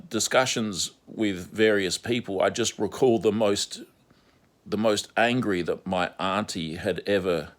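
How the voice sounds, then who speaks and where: A man delivering a repetitive, insistent monologue as an online commentator. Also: low voice. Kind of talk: ranting monologue vlog.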